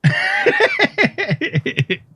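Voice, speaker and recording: A man's voice: extremely high pitch, wildly swooping pitch, drawn-out words, bright, forceful tone, pitched above the performer's own voice, heavily acted. A man putting on an exaggerated, crude cockney character, talking in sing-song rhyming slang. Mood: rowdy.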